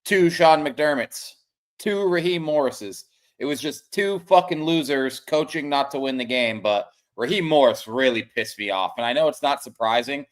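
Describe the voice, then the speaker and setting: A man co-hosting a sports stream, ranting in frustration and trailing off quietly at the ends of thoughts. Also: mid-range voice, animated, moderate pace. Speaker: co-host of a sports betting stream. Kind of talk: casual profane sports chat.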